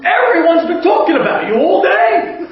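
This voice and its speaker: A man acting out an excited, shouting female toll-booth worker. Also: extremely high pitch, moderate pace, a crowd in the background, voice pushed up. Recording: very echoey, dull lo-fi audio.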